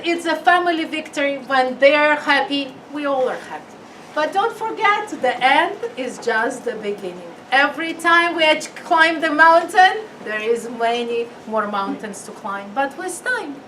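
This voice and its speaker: Woman lecturer, theatrical and emphatic, bright voice heard from afar. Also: sits high. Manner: emphatic, theatrical, acts out quotes. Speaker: parenting lecturer. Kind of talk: animated public lecture. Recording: distant mic with faint noise.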